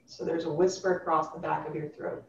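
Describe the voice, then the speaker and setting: Yoga teacher, female, gentle and instructive, recorded live from a distance on a dull, slightly noisy track. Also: sits low, a little fast, reverberant. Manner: calm, gently instructive cueing. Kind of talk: guided chair yoga class.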